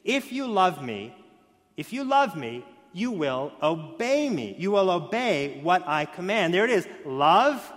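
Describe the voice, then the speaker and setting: A man preaching a sermon, stressing key words loudly and then dropping to hushed lines. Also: high voice, very animated, measured pace. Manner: emphatic, swings between loud stresses and hushed lines. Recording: long hall reverb.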